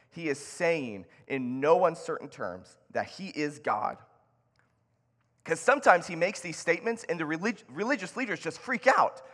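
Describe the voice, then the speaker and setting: A man's voice: mid-range voice, a bit bright. A man giving a sermon as pastor, talking in a conversational way with restarts and reading Scripture aloud. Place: church sanctuary. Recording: long hall reverb.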